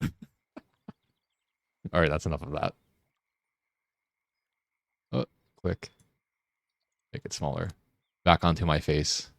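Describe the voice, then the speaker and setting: A man streaming a game, chatting casually, joking and laughing often, and getting excited as he rambles. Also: extremely low pitch, vocal fry, no echo, clean studio sound. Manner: gets excited and rambling when riffing. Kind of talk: casual live-stream chat while gaming.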